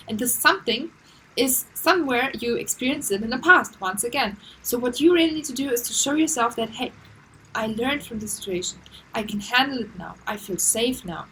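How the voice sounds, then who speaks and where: A woman's voice: sits high, a bit bright, slight background noise, poor audio. A woman giving earnest, casual self-help advice, repeating herself and acting out the voices in her head. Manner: earnest, repetitive, acts out inner voices.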